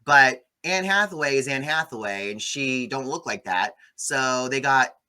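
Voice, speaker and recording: A man hosting a casual movie review chat, animated and gossipy, often swearing. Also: medium pitch, unhurried, clean tone. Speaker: host.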